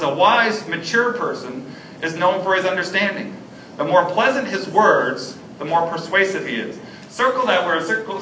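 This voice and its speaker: A man's voice: fairly high pitch, sharp tone, a little hiss or hum. A man preaching a sermon as a pastor, earnest and stumbling over restarts and fillers. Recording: echoey hall, distant mic, faint ambience.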